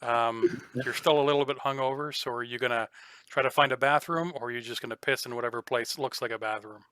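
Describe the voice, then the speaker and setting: A man running a tabletop game as game master, narrating in a relaxed, rambling way with frequent ums. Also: medium pitch, fast, clear, resonant tone, no echo.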